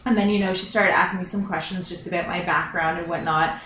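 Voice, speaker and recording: A woman with a bright, forceful voice chats as an interview guest and stresses her points hard. The recording is echoey with a faint hiss. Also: fairly low pitch, fast talker. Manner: animated, laughs often, emphatic. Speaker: rock singer, interview guest. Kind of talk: casual interview chat. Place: music venue. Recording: echoey room with faint noise.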